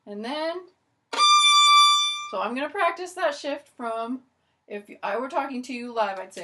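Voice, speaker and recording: A woman with a fairly high voice teaching a violin lesson on video. She talks in a chatty, encouraging way, starting lots of phrases with "so" and "okay". Loud violin playing fills the gaps between her phrases. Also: animated, measured pace, pauses often, music in the background.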